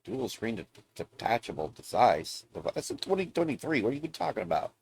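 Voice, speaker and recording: A man's voice: medium pitch, sing-song, quick pace, gravelly, husky. A man hosting a casual gaming vlog, talking bluntly in rambling rants with plenty of swearing. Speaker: gaming video host. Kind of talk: casual ranting vlog commentary.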